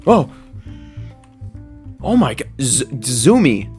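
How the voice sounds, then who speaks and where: A man giving excitable, jokey commentary while playing a survival game, squealing high whenever he is delighted. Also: takes it slowly, faint music behind. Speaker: gaming video creator.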